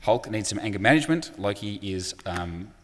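A man's voice: fairly low pitch, lively intonation, moderate pace, in a large hall. A man preaching a sermon in a conversational way, with frequent fillers and acted-out quotes.

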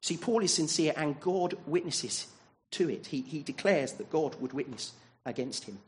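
A man's voice: a little high, expressive, normal speed. A man preaching a sermon in a church, earnest and asking the congregation many rhetorical questions.

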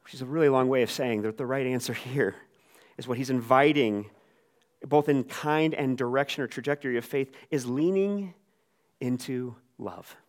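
A man preaching a sermon in a casual, conversational way. He acts out the quoted lines with lively voices. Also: medium pitch, fairly quick. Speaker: pastor.

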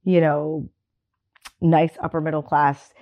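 A woman's voice: sits low, level tone, takes it slowly. A woman speaking bluntly and emphatically in candid conversation, swearing casually and laughing often. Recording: dull lo-fi recording.

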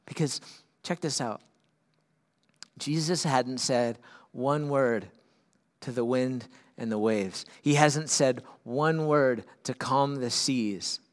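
A man preaching a sermon as pastor, swinging from loud, urgent peaks down to quiet, earnest lows. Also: takes it slowly.

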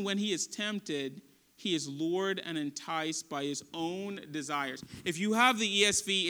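Bright-voiced male preacher. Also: sits high. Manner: earnest, emphatic, conversational preaching. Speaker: pastor. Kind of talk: sermon.

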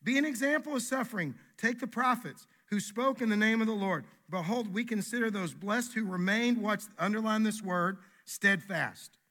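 A man's voice: high-pitched, moderate pace, few pauses, sharp tone. A man preaching a sermon as pastor, emphatic and folksy, repeating his key phrases.

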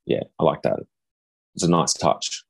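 An easygoing Australian man co-hosting a podcast, full of relaxed agreement and casual asides. His voice is very low and a bit husky, recorded dry and close. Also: a little slow, dry recording. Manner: easygoing, lots of "yeah" fillers. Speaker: podcast co-host. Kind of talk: casual chat.

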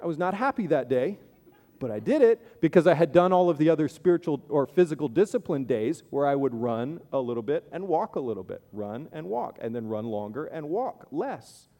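Man, pastor, sermon, fairly high voice, chatty and playful, long hall reverb. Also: very animated, fairly quick, warm tone. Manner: conversational, playful asides, acts out quoted voices.

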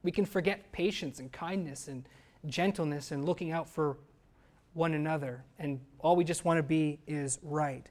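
A man's voice: a little high, normal speed, darkish tone. Male pastor, earnest and emphatic sermon delivery, asks the room rhetorical questions.

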